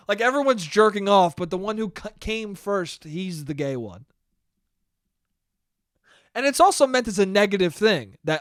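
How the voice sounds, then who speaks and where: A young man from New York hosting a solo comedy podcast, riffing with profanity, swinging from loud bursts to mumbled asides and high laughs. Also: lively intonation, fairly quick, no echo, clean studio sound. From New York (Westchester). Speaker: podcast host.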